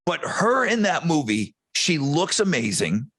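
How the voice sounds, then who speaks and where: A man co-hosting a podcast, riffing on movies in a crude, animated way and swearing often. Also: on the high side, unhurried, no room sound. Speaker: podcast co-host. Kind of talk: casual chat.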